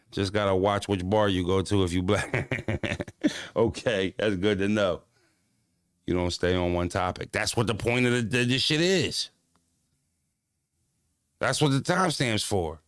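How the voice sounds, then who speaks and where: A man's voice: on the low side, normal speed, no room sound, clean studio sound. A man hosting a livestream, telling stories in profane, slangy street talk and talking straight to his viewers. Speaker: livestream host. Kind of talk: casual livestream chat.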